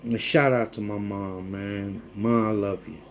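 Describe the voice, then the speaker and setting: A man, talking casually and warmly to viewers in a rambling cooking vlog from his home kitchen. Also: fairly low pitch, fairly even intonation, normal speed, a little hiss or hum. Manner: heartfelt, rambling, addresses viewers as folks. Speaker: cooking vlogger.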